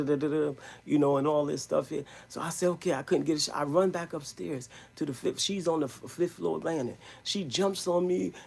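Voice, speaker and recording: Gravelly, husky man, emphatic street-slang storyteller. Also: a little high, darkish tone. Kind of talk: live storytelling stream.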